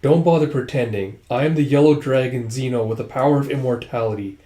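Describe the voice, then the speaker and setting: A man's voice: mid-range voice, a little fast, warm tone, close to an everyday voice. A man reading the lines of a knowing, ageless young dragon warrior from a manga, in an echoey room. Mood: earnest. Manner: read plainly from a manga page.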